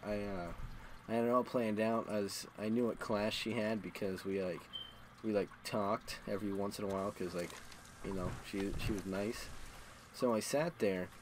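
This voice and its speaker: A man with a fairly low voice tells crude, self-mocking stories while streaming a game. He rambles along casually in a loose storytelling way, with a faint hiss under the voice.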